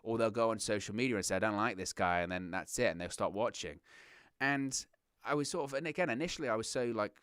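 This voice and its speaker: A young man hosting a wrestling reaction show, chatting casually with lots of restarts and animated asides. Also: lowish voice, quick pace, smooth, no room sound, clean studio sound. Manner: rambling, animated, self-interrupting with restarts. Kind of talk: casual solo commentary.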